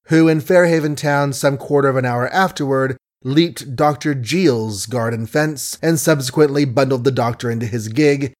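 A man narrating an audiobook in a measured storytelling manner. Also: medium pitch.

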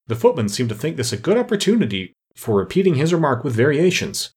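A man narrating an audiobook with an expressive, varied delivery. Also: on the high side, fast, hardly any pauses, husky.

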